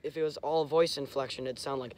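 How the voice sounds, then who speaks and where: A young man casually explaining hunting call technique, halting and searching for words, with short clipped demonstration sounds. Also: mid-range voice, fairly even intonation, no room sound. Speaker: host. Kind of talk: casual instructional talk.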